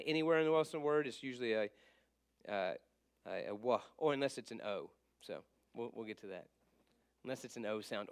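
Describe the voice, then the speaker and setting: Man, casual class teacher, fairly high voice, rambling, repeats letter sounds. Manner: rambling, self-correcting, thinks aloud with many fillers. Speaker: church Bible class teacher.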